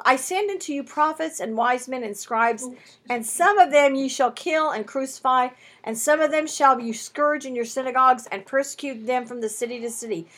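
A woman's voice: on the high side, normal speed, fairly bright tone. A woman teaching the Bible at home, reading scripture aloud and pressing her points with emphatic rhetorical questions and stretched key words.

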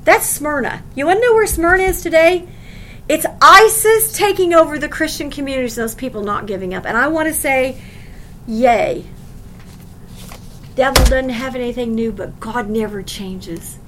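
High-voiced woman preaching emphatically. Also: moderate pace, fairly bright tone, a little hiss or hum, rough recording. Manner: emphatic, conversational preaching with rhetorical questions. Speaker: Bible teacher. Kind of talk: sermon.

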